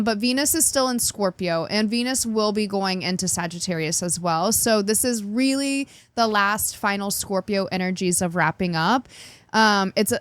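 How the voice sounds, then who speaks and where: Bubbly lady doing her weekly astrology rundown, chatty, laughs a lot, mid pitch, dry close sound. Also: smooth, no echo. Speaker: astrology forecast host. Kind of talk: casual spoken forecast.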